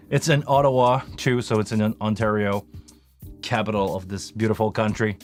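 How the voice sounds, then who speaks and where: Chatty low-voiced man hosting a live Q&A. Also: steady tone, moderate pace, faint music behind. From Canada. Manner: chatty, self-deprecating, rambling with many fillers. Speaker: live stream host, live sound engineer. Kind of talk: casual live stream Q&A chat.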